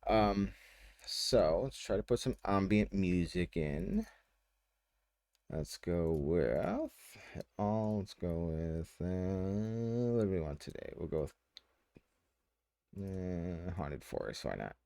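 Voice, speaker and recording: Low-voiced man running a game stream. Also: animated, takes it slowly, pauses often, darkish tone, smooth, no room sound. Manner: chatty, rambling, teasing players with casual swearing. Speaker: game master. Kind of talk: casual streamed tabletop game narration. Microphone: headset.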